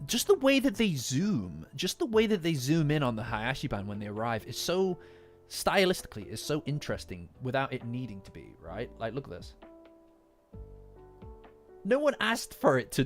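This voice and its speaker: A man hosting a casual chat about an anime episode. He talks in an excitable way, laughs often, and keeps repeating and restarting his words. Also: medium pitch. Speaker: anime reaction host. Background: faint background music.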